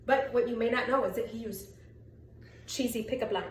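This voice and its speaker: A woman's voice: a little high, brisk, a little hiss or hum. A woman co-hosting a casual family vlog, playful and teasing in tone. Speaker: vlog co-host. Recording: echoey room, mic far off.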